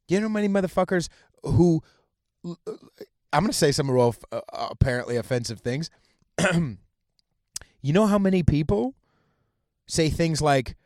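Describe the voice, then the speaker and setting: A man's voice: high voice, lively intonation, normal speed, pauses often, no room sound, clean studio sound. A man hosting a podcast, delivering a heated, profane solo rant that mocks its targets and stumbles over restarts. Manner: stammers and restarts mid-sentence. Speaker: podcast host.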